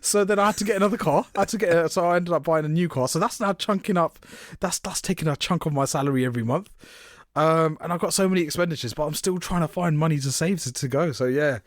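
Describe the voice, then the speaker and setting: A man's voice: a little high, fast, no room sound, studio quality. A young man co-hosting a podcast, animatedly retelling a story in casual chat and laughing often. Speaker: podcast co-host.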